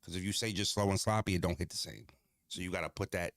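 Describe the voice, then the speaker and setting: Low-voiced man riffing on a livestream. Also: fairly even intonation, quick pace, a bit bright, no echo, studio quality. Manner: loose, profane, laughing, reads and roasts chat. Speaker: livestream host. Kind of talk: casual livestream chat.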